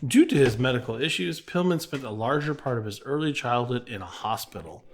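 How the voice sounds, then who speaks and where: A man's voice: medium pitch, expressive, a little fast, a little hiss or hum. A man co-hosting a casual wrestling podcast, reading out promos and biography notes and laughing often. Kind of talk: casual podcast chat with read-out bio notes.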